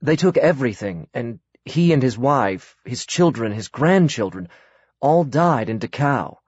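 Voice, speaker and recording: A man's voice: mid-range voice, lively intonation, breathy edge, no room sound. A man reading a polite man with a slight American accent. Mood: earnest. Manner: courteous and measured. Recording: dry, slightly dull audiobook recording.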